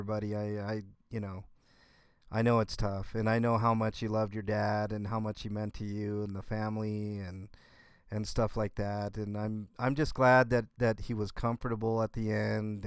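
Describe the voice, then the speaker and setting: A man hosting a casual livestream from home, talking with his viewers in a halting way and often restarting his sentences. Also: lowish voice, clear, resonant tone, no echo, clean studio sound. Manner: halting, restarts and repeats words. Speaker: livestream host. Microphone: computer setup.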